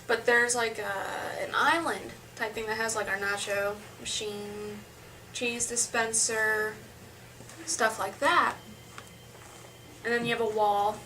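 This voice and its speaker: A young woman tells a long story to her camera, rambling and restarting as she goes. Her voice sits a little high and sounds bright. She is a bit far from the mic, with a faint hum behind her. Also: little pitch movement, slow. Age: young adult. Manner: chatty, rambling with restarts and asides. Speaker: vlogger.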